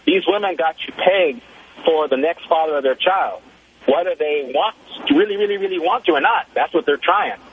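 A young man calling in to a radio show, his voice high-pitched and squeezed through a tinny phone line with faint hiss underneath. He talks in slangy, boastful storytelling. The chat is loose and casual. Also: normal speed. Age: 20s. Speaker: caller.

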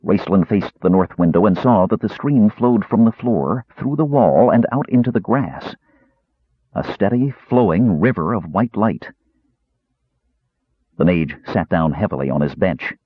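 A deep, husky male voice tells a fantasy story with expressive storytelling, his pitch swinging widely through the lines. The recording is dry and sounds dull and lo-fi. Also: measured pace, dry recording. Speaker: audiobook narrator. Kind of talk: scripted fantasy narration.

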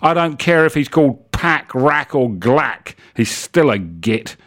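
A man voicing a foul-tempered, cowardly, grubby man who shouts in a rasping voice. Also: medium pitch, big pitch swings, a little slow. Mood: raging. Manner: shouting furiously.

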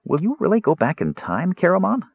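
A man voicing an eager, curious small male kender adventurer who talks brightly and excitably. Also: fairly high pitch, moderate pace, dry recording, pitched above the performer's own voice, heavily acted. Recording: tinny phone-like dry recording.

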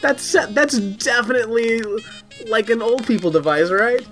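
Animated woman chatting on a podcast. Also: on the high side, measured pace, soft background music. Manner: animated, rambling, laughs often. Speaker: podcast co-host. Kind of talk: casual comedic chat.

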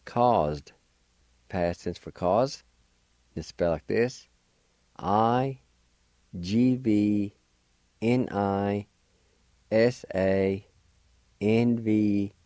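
A man's voice: lowish voice, drawn-out words, gravelly, pauses often, warm tone, no echo. A man hosting a radio language lesson, spelling words out letter by letter and patiently encouraging listeners to practice. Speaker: radio language teacher and host.

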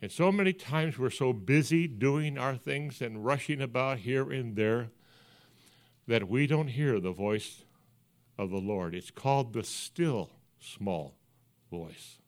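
An older man, a pastor, giving a sermon, telling stories in an earnest, folksy way that drops to hushed, quiet passages. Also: mid-range voice, measured pace. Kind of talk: sermon storytelling.

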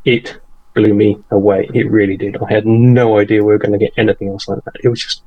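Lower-voiced man, halting and polite. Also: level tone, slightly rough, muffled recording. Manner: halting, repeats words, polite and formal phrasing. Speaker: podcast co-host and charity tournament organiser. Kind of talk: casual podcast chat.

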